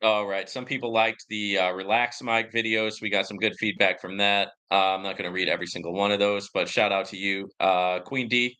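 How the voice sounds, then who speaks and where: A man's voice: on the low side, fairly even intonation, fairly quick, hardly any pauses, pushed and bright, smooth. A man hosting his own channel, talking to viewers in casual, joking commentary full of comical voice inflections. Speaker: YouTube channel host.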